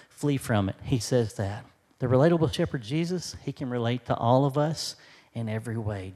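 A middle-aged male pastor delivering a sermon to his congregation, speaking with animated rises and drops in pitch and loudness. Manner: animated preaching with sudden rises in pitch and volume.

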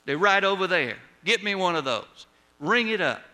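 Cranky bossy old lady shopper, scolding, pitched up and sharp as a preacher puts her on. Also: lively intonation, normal speed, big-room sound, exaggerated voice. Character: demanding elderly woman shopper, bossy and cranky.

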